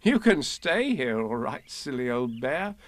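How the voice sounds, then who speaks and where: A man voicing a kindly, sensible boy in a storybook, speaking gently and reassuringly. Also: mid-range voice, very animated, measured pace, dry recording.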